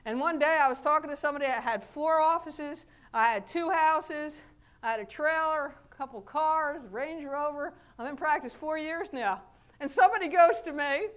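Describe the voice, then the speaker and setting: A middle-aged woman chiropractor giving a folksy, animated motivational talk, laughing often and acting out quotes. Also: high voice. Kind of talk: motivational speech to an audience.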